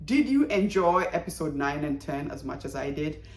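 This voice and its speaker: A woman talking casually to camera as she reviews a TV drama, animated and exclamatory, and she acts out characters' lines. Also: low-pitched, normal speed. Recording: echoey room.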